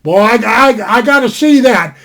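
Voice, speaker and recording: A man's voice: extremely high pitch, animated, normal speed, a bit bright. An older man giving a casual sit-down knife review at his desk on a webcam, rambling and folksy, repeating himself and spelling out words. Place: indoors at a desk.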